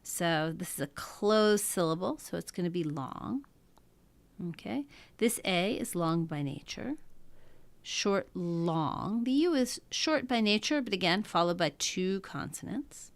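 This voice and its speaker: Woman teacher, methodical lecture, slow and unhurried, dry close sound. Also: mid-range voice, lively intonation, dry recording. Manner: methodical, talking through each step. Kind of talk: classroom lecture.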